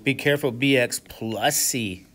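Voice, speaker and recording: A man teaching a classroom lecture who keeps asking the class questions to check they follow, with sudden animated exclamations. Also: medium pitch, unhurried. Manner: asks the class frequent questions, checking understanding. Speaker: math instructor.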